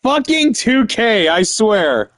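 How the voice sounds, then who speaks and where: Man, live game streamer, high lively voice, unhurried delivery, shouting, cursing, laughing, wrestling play-by-play. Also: dry recording. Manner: yells, swears and laughs at the game. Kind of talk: excited live play-by-play commentary.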